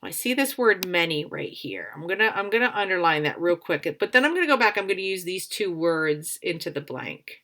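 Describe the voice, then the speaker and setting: A woman teacher giving a recorded grammar lesson to children, speaking slowly and patiently and sounding words out. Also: fairly low pitch, big pitch swings, fairly bright tone.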